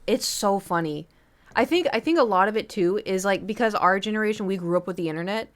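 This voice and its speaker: A woman's voice: medium pitch, animated, fast talker. A young adult woman, a streamer, chatting casually and telling rambling stories full of fillers and restarts. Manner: rambling storytelling with lots of fillers. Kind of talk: casual chat on a live stream.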